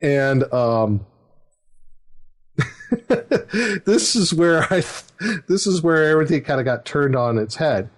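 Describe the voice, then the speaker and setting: A man's voice: mid-range voice, animated, takes it slowly, pauses often. Rambling middle-aged man telling a game story. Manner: rambling, with many fillers and chuckles. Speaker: podcast host and game master. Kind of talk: casual anecdote chat.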